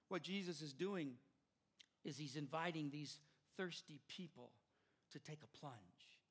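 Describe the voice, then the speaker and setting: Older male pastor, high-pitched, passionate preaching style with rising builds. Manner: impassioned preaching, swelling louder at climaxes. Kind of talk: sermon.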